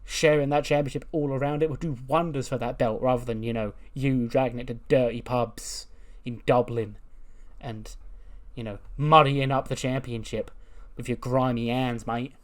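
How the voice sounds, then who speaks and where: A man's voice: medium pitch, fairly even intonation, moderate pace, close to an everyday voice. A man voicing a brash, boastful young male wrestler trash-talking a champion. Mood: taunting. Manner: boastful, swaggering trash talk.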